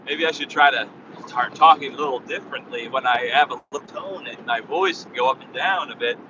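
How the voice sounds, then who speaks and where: A man talks on and on in a flat, level tone, full of fillers, as he drives. He sounds distant and muffled. Loud road noise runs underneath. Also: mid-range voice, fairly quick. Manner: rambling, filler-heavy, flat tone. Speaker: vlogger driving a van. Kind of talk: casual chat while driving. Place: inside a moving vehicle on a highway.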